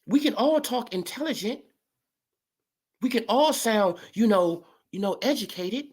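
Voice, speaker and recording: A woman's voice: on the high side, a little slow, slightly rough. A woman ranting heatedly in a sports commentary vlog, swearing freely and calling people out. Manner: profane, heated, animated.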